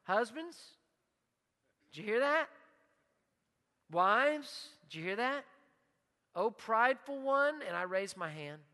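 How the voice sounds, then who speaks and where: A man preaching a sermon as pastor, emphatic, leading the congregation in repeated phrases and dropping to a hushed voice in prayer. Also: extremely high pitch, sing-song, slow, pauses often. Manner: leads call-and-response repetition. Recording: long hall reverb.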